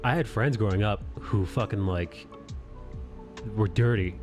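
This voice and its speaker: Male host, low voice, crude casual banter, quick to laugh. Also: music in the background. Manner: crude, profane and laughing easily. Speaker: host of an art live stream. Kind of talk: casual chat.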